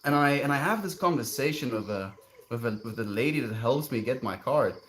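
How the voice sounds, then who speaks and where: A man's voice: medium pitch, expressive, brisk, slight background noise. A man, streaming and telling a story casually, rambling and repeating words as he goes. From South Africa.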